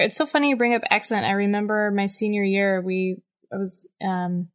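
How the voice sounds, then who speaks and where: A young woman hosts a relaxed interview conversation. She talks in an earnest, reflective way and encourages her guest, in a mid-range everyday voice. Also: mid-range voice. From Western North Carolina, USA. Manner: thoughtful, earnest, warmly encouraging. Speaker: host. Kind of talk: casual interview chat.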